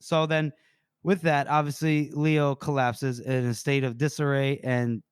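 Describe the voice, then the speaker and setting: A man's voice: medium pitch, little pitch movement, a little slow, clear, resonant tone, dry recording, clean studio sound. A man co-hosting a casual book podcast who talks in a rambling way and acts out the characters' lines. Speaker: podcast co-host.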